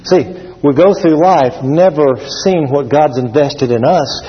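A man preaching a sermon to a congregation, animated, acting out scenes with shouts and laughs. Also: on the high side, a little slow. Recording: dull sound with long hall reverb.

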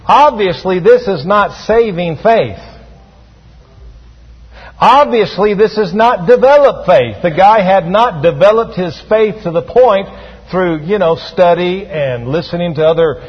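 In a church sanctuary, a man delivers a call-and-response sermon, urging the congregation to reply. His high, husky voice has lively intonation and a slightly slow pace, and the sound is dull with a long reverb.

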